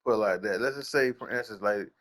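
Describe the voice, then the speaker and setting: A young man hosting a gaming channel, ranting in casual slang, repeating himself and jumping up in pitch when incredulous. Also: fast talker, a bit bright.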